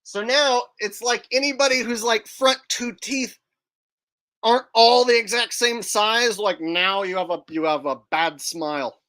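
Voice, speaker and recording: A man's voice: high-pitched, a little slow, bright, forceful tone. A man hosting a livestream, rambling and joking in casual, profane commentary. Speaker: streamer host.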